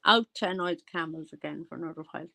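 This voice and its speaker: Chatty Irish woman with a lowish voice. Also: rapid-fire, creaky, bright, forceful tone. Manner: chatty, rambling, loses her train of thought. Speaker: commentary vlogger. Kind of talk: casual rambling commentary.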